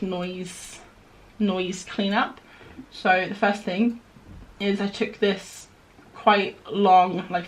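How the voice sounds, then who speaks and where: Chatty young woman vlogging. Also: medium pitch. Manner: chatty and relaxed, self-deprecating. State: out of breath after a run. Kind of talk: casual chatty vlog.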